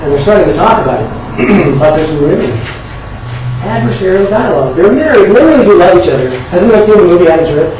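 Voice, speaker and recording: Male conference speaker, higher voice, chatty and joking; roomy, hissy amateur recording. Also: sing-song, quick pace. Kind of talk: casual workshop talk. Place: conference room. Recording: echoey hall, distant mic, noisy.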